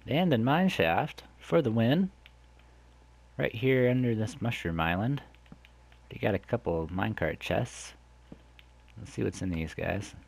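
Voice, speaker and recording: A man hosting a let's play, chatting to viewers in a rambling way and exclaiming loudly when something surprises him. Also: fairly low pitch, very animated, measured pace, creaky, long pauses, breathy edge, dry recording. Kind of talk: gameplay commentary.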